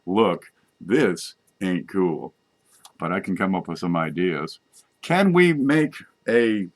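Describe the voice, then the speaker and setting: A middle-aged man talking in a loose, folksy, joking monologue, wandering from idea to idea and correcting himself as he goes. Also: deep voice. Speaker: vlogger. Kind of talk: rambling comic monologue.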